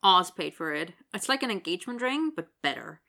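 Upbeat grinning young guy, bright tone, read by a woman. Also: fairly low pitch, sing-song, brisk, creaky, heavily acted. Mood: cheerful. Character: cheerful young man, smaller of a couple.

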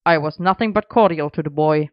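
A stern older father, cold and disapproving, speaks with clipped haughtiness, as a storybook reader puts him on. The voice stays smooth and clear. The recording is dry and a little dull. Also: medium pitch, steady tone, brisk, no room sound, natural voice. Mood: cool disapproval.

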